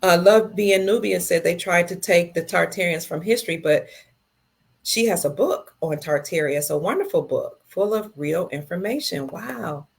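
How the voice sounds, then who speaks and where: A middle-aged woman with a low voice hosts a casual livestream. She reads viewer comments aloud one by one and answers each in a slow, tender way. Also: lively intonation, creaky, husky.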